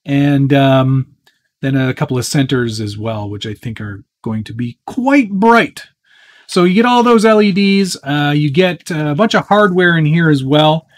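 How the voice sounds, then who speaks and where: Hosting a live build stream, this man chats casually and answers viewer questions while his hands work on a model truck. His voice sits a little high and sounds animated, his pace measured. He's easygoing and chatty, full of fillers and asides where he interrupts himself.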